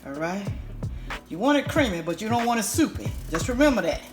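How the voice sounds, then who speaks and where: A woman hosting a home cooking demonstration, chatty and animated, calling her viewers y'all. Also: mid-range voice, a little fast. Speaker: home cooking channel host. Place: home kitchen, stove sizzling. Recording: roomy kitchen sound with loud background music.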